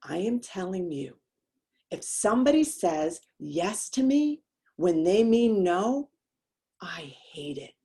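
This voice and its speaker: A woman's voice: medium pitch, very animated, takes it slowly, mellow. A woman coach gives a motivational talk aimed at women. She speaks emphatically and directly, dropping in casual slang as she presses her point. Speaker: women's life coach, host.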